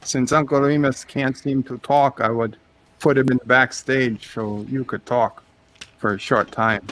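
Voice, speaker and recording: A man's voice: mid-range voice, fairly even intonation, measured pace, a bit bright, slight background noise. A man hosting a live game stream, chatting casually with friends in voice chat and reading viewer messages aloud.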